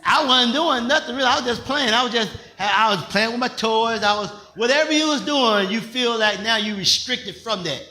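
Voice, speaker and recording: An older man, a pastor, preaching in a conversational style with call-and-response questions, rising at times to shouts. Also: very high-pitched, moderate pace, hardly any pauses, echoey room. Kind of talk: sermon.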